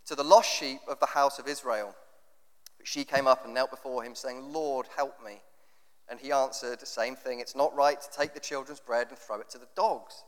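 A man preaching a sermon, reading scripture and explaining it in a conversational, animated way. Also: medium pitch, moderate pace. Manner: conversational, animated with rhetorical questions. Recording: long reverb of a hall.

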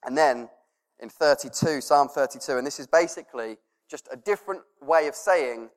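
A male pastor preaching a sermon, earnest, laughing softly and dropping to a hush when he quotes prayers. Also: mid-range voice, normal speed, long reverb tail.

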